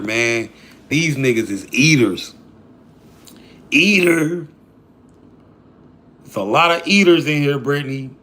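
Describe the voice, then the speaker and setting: A man's voice: mid-range voice, a bit bright. A man hosting a livestream, chatting casually and slangily with his viewers. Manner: laid-back, slangy, addresses chat. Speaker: livestream host.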